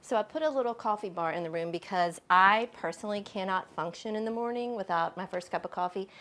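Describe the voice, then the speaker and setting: A woman's voice: mid-range voice, fast talker, a bit bright. A middle-aged woman, chatting casually while she shows guests around her home, with lots of fillers. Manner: chatty and friendly, with frequent fillers. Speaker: homeowner giving a home tour. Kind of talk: casual home tour chat.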